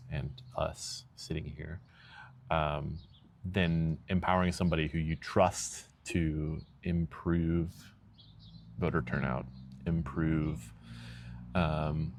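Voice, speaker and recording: A man hosting a casual podcast interview, laughing often and rambling as he searches for words. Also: low voice. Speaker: podcast host. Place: outdoors in a park. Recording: faint outdoor background noise.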